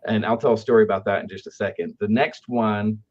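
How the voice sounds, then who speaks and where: A man's voice: lowish voice, steady tone, quick pace, darkish tone. A man telling stories about customer service in a conversational way, often asking "right?" to check in with the listener. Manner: anecdotal, keeps asking "right?". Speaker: aftercare company speaker. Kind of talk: conversational business storytelling. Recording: dull lo-fi audio.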